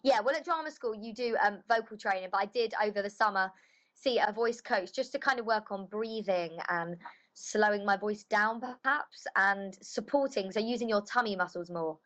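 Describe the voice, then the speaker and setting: A woman's voice: medium pitch, normal speed, fairly bright tone, low-quality recording. A woman voice actress chatting casually in an interview, loose and full of filler phrases. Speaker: voice actress guest.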